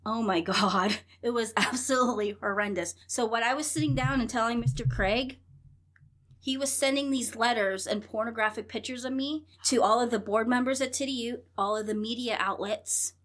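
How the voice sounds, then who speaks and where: A woman's voice: on the high side, normal speed. A woman in her thirties telling her own story in an interview, acting out what people said, laughing often and swearing. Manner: animated, acts out dialogue, laughs often, swears. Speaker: interview guest.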